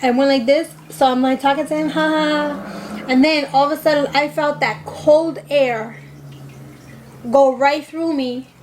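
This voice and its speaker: A woman's voice: high voice, fairly even intonation, moderate pace, darkish tone, slight background noise, poor audio. A young woman vlogger chatting casually, telling a story and eating on camera, rambling with lots of fillers. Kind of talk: casual storytime and mukbang chat.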